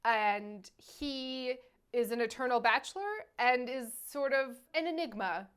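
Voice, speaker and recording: A woman co-hosting a casual film review conversation, her voice sitting a little high. She is animated and keeps slipping into silly voices to act out lines from the film. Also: unhurried, clear, resonant tone. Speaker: podcast co-host, movie reviewer. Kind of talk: casual chat.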